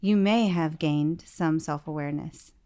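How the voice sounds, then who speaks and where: A woman's voice: low-pitched, unhurried, dark tone, smooth. A woman music therapist in a podcast interview, explaining her work and acting out bits of session dialogue.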